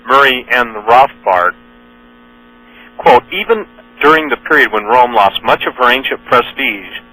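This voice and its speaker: Guy doing a radio talk monologue, bright pushy voice, keeps fixing his own words, mains hum under it. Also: mid-range voice, expressive, unhurried, low-quality recording. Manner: earnest, with frequent fillers and self-corrections. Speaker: radio talk show host. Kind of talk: radio monologue reading news and quotes.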